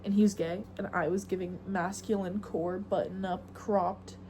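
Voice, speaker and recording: A woman's voice: medium pitch, flat delivery, normal speed, dark tone, slight background noise, rough recording. A young woman hosting a podcast alone, chatting in a rambling, slangy, self-mocking way into a phone camera. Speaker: podcast host. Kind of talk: casual solo chat.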